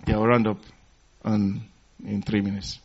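A man's voice: on the low side, little pitch movement, measured pace, darkish tone, breathy edge. A man preaching a sermon, calling and responding with the congregation and telling stories with chuckles. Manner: call-and-response preaching, asking the congregation to finish phrases; storytelling with chuckles. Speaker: pastor. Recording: dull lo-fi recording.

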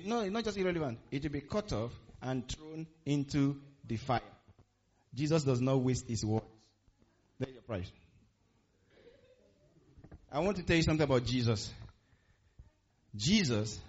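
A man's voice: medium pitch, lo-fi sound. A man preaching a sermon to a congregation, asking the room questions and repeating key phrases for emphasis. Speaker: pastor. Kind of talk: interactive sermon.

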